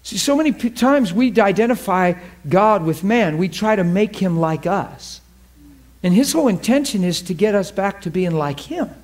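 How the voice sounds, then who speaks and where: A man's voice: sits high, lively intonation, normal speed, a little mellow. A man preaching a sermon to a class, emphatic and fervent, often asking the audience questions and laughing with them.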